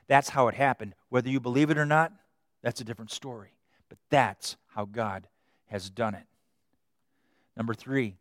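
Dry-voiced preacher, loud to hushed. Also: male voice, on the low side, dry recording. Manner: dynamic, swinging from loud emphasis to hushed tenderness. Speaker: pastor. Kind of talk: sermon.

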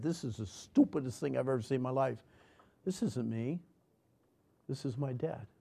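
A man preaching a sermon and telling his own story earnestly, moving between loud emphasis and hushed lines. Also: mid-range voice. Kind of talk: sermon with personal testimony.

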